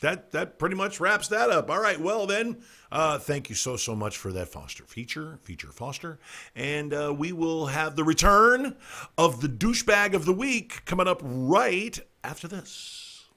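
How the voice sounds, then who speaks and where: Lively, bright-voiced male radio host. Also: a little high, measured pace. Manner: joking, teasing co-host. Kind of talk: casual radio chat.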